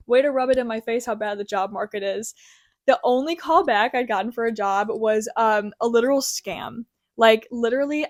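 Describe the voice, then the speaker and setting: A young woman with a slightly high voice chats casually to camera from her childhood bedroom. She is an animated storyteller who leans on fillers as she goes. The sound is close and dry, with no room around it. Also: dry recording. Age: young adult. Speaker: crochet pattern designer.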